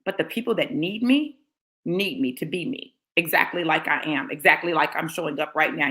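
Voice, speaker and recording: A woman's voice: on the low side, pushed and bright. Fiery woman preaching a confrontational sermon. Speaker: motivational preacher.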